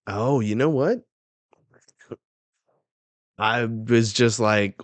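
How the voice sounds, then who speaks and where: A man's voice: medium pitch, drawn-out words, long pauses, no echo. A man hosting a live stream, chatting casually as he reacts while reading a manga aloud, loose and prone to swearing.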